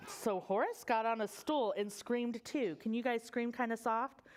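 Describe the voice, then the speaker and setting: A young woman, a children's librarian, reading a picture book aloud to preschoolers in an animated sing-song voice and asking them questions. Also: fairly high pitch, a little slow, a little hiss or hum.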